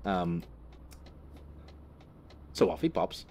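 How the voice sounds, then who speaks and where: A man's voice: low-pitched, big pitch swings, very slow, warm tone, slight background noise. A man giving casual gameplay commentary while telling a long, profane, rambling story, often correcting himself and laughing. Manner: profane, rambling anecdote teller; self-correcting, laughs through his story. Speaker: gaming video creator.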